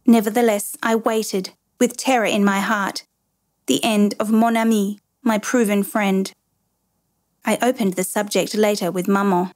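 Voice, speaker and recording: Woman reading a kids story out loud, lively, mid pitch, plays all the voices. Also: measured pace. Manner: expressive, lively first-person narration. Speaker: narrator.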